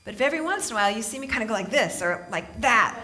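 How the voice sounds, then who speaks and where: Animated, bright-voiced woman speaker. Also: a little high, racing. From Southern California. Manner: animated storytelling, laughing often, playful asides. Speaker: motivational speaker and author. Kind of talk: humorous inspirational talk to a live audience. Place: stage at a spiritual center, live audience.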